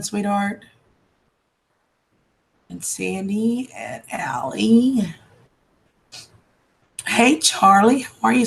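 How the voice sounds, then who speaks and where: A woman chatting on a live stream, greeting viewers as darling and sweetheart in a chatty, heartfelt way. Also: medium pitch. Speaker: livestreamer. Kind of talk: casual live-stream chat.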